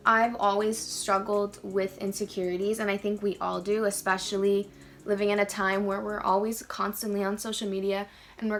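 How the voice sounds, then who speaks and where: Chatty, bright young woman vlogger. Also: medium pitch. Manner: chatty and animated, rants playfully with emphatic emphasis. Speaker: beauty vlogger. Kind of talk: casual chat while doing makeup.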